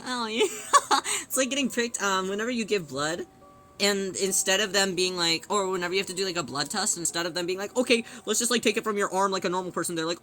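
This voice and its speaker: Bright-voiced playful woman streamer. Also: medium pitch. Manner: playful, giggly, reads and answers chat; drawn-out whiny yelps. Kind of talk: casual livestream chat while sewing.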